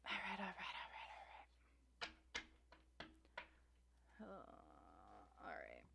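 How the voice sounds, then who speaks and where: A woman's voice: on the high side, creaky, fairly bright tone, smooth. A woman hosting a casual tarot reading chat, talking in a rambling, chatty way. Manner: chatty, rambling, voices others in mocking asides. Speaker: tarot reader host.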